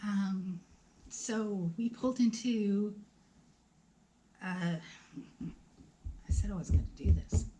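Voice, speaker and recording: A woman in her forties speaks to the camera at a medium pitch, telling her own story in plain, conversational words. She acts out what people said and now and then drops her voice to a whisper. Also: expressive, slow, long pauses, dark tone, a little hiss or hum. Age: 40s. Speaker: vlogger.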